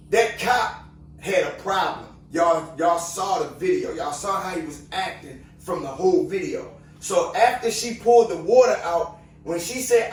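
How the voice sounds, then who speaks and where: A man with a fairly high voice gives casual commentary straight to his viewers. He speaks emphatically, keeps repeating "remember" and poses questions to the audience. He sounds set back from the mic in a very echoey room. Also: measured pace, recorded from a distance, a little hiss or hum.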